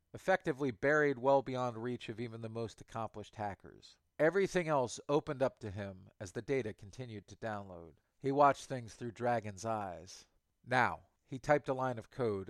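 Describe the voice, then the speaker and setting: Give me a male audiobook narrator with a steady, even delivery at a middle pitch. The recording is dry, with no room sound. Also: normal speed, hardly any pauses, dry recording.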